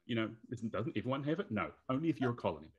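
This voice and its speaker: A man's voice: mid-range voice, sing-song, racing, slightly rough, dull audio. A man with a New Zealand accent, a guest in a casual whisky tasting chat, joking in a dry, self-mocking way.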